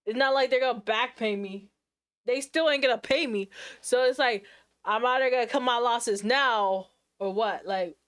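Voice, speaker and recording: A woman streamer chatting casually with her live audience, sassy and slangy, full of quick asides and restarts. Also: fairly high pitch.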